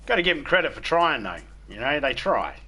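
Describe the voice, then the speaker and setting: An Australian man streams a game and chats casually, swearing freely as he spins crude stories. His voice is bright and forceful, sitting at an ordinary pitch for a man. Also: big pitch swings, fairly quick, slightly rough. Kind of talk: casual chat while gaming.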